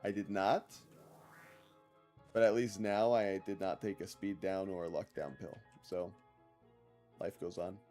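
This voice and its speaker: A man with a lowish voice streams a game and talks to his chat in a loose, rambling way. He jokes as he plays. Faint music sits under his talk. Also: steady tone, measured pace, pauses often, dark tone. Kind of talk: casual gameplay commentary.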